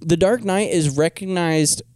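A man's voice: sits high, unhurried, a little mellow, dry recording, studio quality. A young man co-hosting a podcast, chatting casually with a playful, teasing manner and laughing often. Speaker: podcast co-host. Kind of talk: casual chat.

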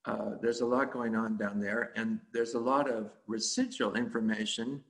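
A man's voice: mid-range voice, fairly even intonation, normal speed, a bit bright. A man teaching meditation in a dharma talk, speaking in a rambling, conversational way with frequent chuckles.

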